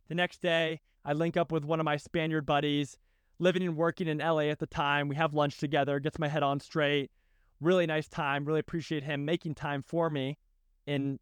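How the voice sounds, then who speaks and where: A man's voice: a little high, smooth, dry recording, studio quality. A young man hosting a podcast, telling a personal story in a casual, heartfelt way and often tagging on "right?" and "dude". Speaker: podcast host.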